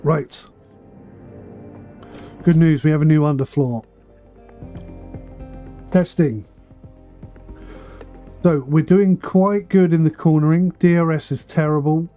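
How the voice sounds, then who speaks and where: A man's voice: on the high side, takes it slowly, pauses often, mellow, faint music behind. A man streaming a management game for charity, thinking aloud with dry asides and a slightly tickly throat. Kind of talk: casual charity livestream commentary.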